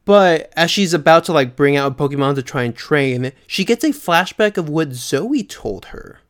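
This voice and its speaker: A man co-hosting a podcast in casual chat, chatty, filling pauses with ums and often laughing. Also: fairly high pitch, animated. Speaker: podcast co-host.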